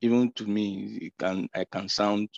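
Halting man on a muffled call. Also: fairly low pitch, fairly even intonation, vocal fry, dry recording. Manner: halting, repeats words, earnest. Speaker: participant. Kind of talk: casual faith sharing. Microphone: video call.

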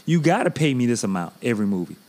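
A man co-hosting a podcast, chatting casually with animated, laughing emphasis. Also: mid-range voice, rapid-fire, background noise. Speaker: podcast co-host. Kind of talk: casual chat.

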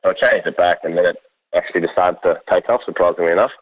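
A young Australian man, a cattle station worker, telling a long story in a relaxed, rambling way and laughing often. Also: sits low, rapid-fire, narrow, tinny audio. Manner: laid-back, rambling, laughs often, quotes others in lively voices. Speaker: cattle station ringer, guest. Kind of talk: casual storytelling.

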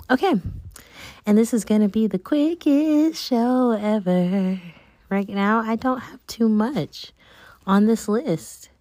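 A woman's voice: lowish voice, no echo. A woman hosting her own show, chatting casually and rambling with plenty of fillers. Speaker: podcast host. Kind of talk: casual solo chat.

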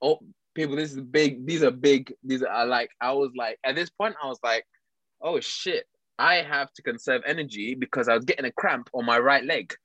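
A man telling a story in casual chat, animated, laughing often and restarting his sentences. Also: mid-range voice, a little fast, no room sound.

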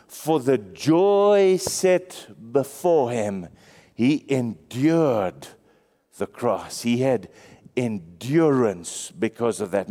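A male pastor preaching a sermon, swinging between excited highs and hushed lows. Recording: long reverb.

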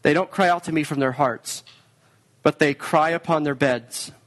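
A man preaching a sermon in an earnest way, sometimes voicing quoted lines in a raised pitch. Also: normal speed, a bit bright. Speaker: pastor.

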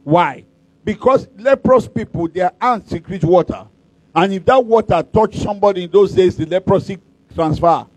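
High-voiced pastor preaching. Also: male voice, lively intonation, moderate pace, no echo, rough recording. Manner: emphatic, repeats declarations with rising force; humorous storytelling. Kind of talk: preaching a sermon at a convention.

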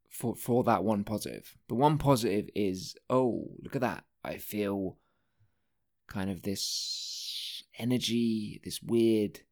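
A man's voice: mid-range voice, a little mellow. A man hosting a casual solo podcast, rambling from one thing to the next, swearing often and breaking off his own sentences. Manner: rambling, profane, self-interrupting. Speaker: podcast host.

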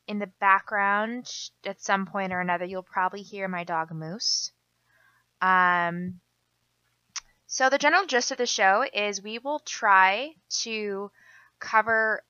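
A woman's voice: mid-range voice, pushed and bright, clean tone, dry recording, dull audio. A young woman with a Minnesotan accent, hosting a casual podcast in a rambling, self-deprecating way that drifts off on side tracks. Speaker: podcast host.

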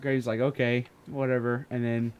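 A young man co-hosting a podcast, telling his side of a story in a lively way and laughing through it. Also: mid-range voice, normal speed, smooth, lo-fi sound. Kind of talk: casual storytelling chat.

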